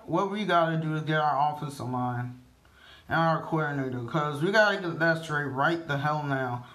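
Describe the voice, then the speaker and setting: A man's voice: on the high side, fairly bright tone. A man ranting as a sports fan vlogger, frustrated, profane and rambling. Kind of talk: fan rant to camera. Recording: roomy echo.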